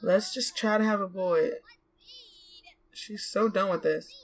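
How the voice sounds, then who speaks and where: A chatty young woman narrating her life-sim game at a middling pitch. She coaxes and scolds her characters aloud. She is quick to gasp and exclaim. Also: slight background noise. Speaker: gaming YouTuber. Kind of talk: let's play commentary.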